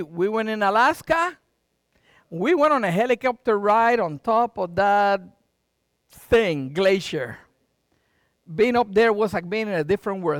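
Middle-aged man, sermon-style pastor, very animated pitch, folksy and joking with his flock. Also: dry recording, studio quality. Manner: dramatic preaching with sudden loud and quiet swings; folksy, joking asides to the congregation.

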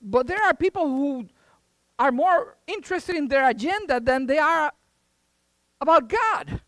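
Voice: high-pitched, a bit bright, no room sound. A preacher delivering a sermon with emphatic rhetorical questions and folksy asides.

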